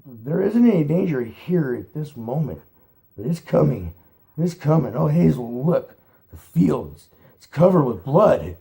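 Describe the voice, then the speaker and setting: A man's voice: on the low side, expressive, normal speed, dark tone. A man reading aloud and voicing a timid young male rabbit who trembles and pleads in fear. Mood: terrified.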